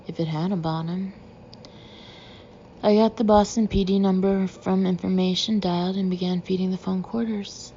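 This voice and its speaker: Woman narrator, first-person audiobook, flat low delivery, gravelly. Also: muffled recording, slight background noise.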